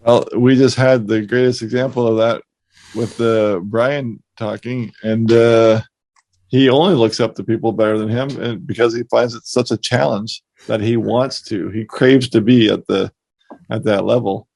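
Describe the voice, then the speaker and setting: A man's voice: medium pitch, fairly even intonation, normal speed, vocal fry, darkish tone, no room sound. A man co-hosting a podcast about woodcarving, giving easygoing, laid-back advice in casual chat.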